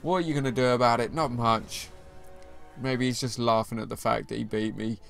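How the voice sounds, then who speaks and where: A young man who runs a gaming channel commentates live on his own mobile game match in a slangy, chummy way, calling the viewer mate and G. His mid-range voice is steady and fairly quick with vocal fry, and faint music plays behind him.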